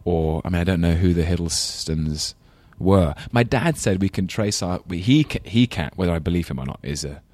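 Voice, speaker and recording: A man's voice: deep voice, expressive, moderate pace, hardly any pauses, darkish tone, no echo. A man with a London English accent, a guest actor chatting in a rambling, self-deprecating way. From England. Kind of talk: casual chat.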